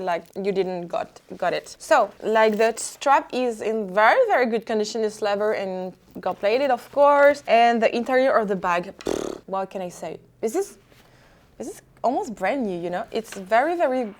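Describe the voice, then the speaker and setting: A woman in her twenties with a French accent, speaking English as a second language and presenting items in an enthusiastic casual vlog. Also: mid-range voice. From France. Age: 20s. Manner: enthusiastic, fond of repeating words, non-native phrasing. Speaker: vlogger selling secondhand luxury goods. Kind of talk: casual product showcase vlog.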